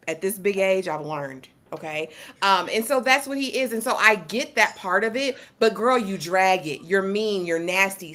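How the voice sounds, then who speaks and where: Woman host, bright clear tone, slangy and blunt. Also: medium pitch. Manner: chatty, blunt, slangy, acts out quotes. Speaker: podcast host. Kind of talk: casual reality TV recap chat.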